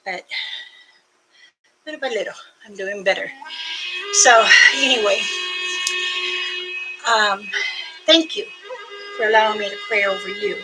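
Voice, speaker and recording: Slow-talking older woman, a little breathless. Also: medium pitch, lively intonation, loud music behind the voice, poor audio. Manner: unhurried, halting, many fillers. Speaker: spiritual elder. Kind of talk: casual spoken prayer and talk.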